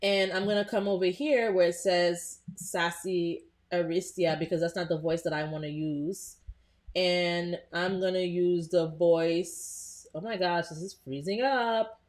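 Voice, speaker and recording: A woman with a lowish voice hosting a live tutorial. She chats directly to her viewers as "you guys", narrating each click with plenty of "um" and "like". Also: fairly even intonation, unhurried. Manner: chatty, addresses viewers as "you guys", frequent "um" and "like". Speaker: host.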